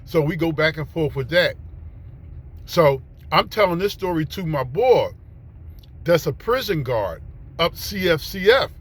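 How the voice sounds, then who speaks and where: A man's voice: a little high, very animated, unhurried, breathy edge. A man telling a profane, slangy street story in a casual way, acting out what other people said.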